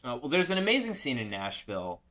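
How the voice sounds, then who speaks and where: A man's voice: mid-range voice, huge pitch swings, pushed and bright. Chatty man rambling about film. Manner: chatty, rambling, quick to joke. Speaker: podcast co-host. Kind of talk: casual film discussion.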